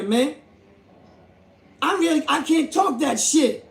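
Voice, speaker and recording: A man hosting a commentary vlog, talking emphatically, repeating himself and building up to shouting. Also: very high voice, lively intonation, takes it slowly, gravelly. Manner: emphatic, repetitive, rising to shouts. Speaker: YouTube host. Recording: echoey room.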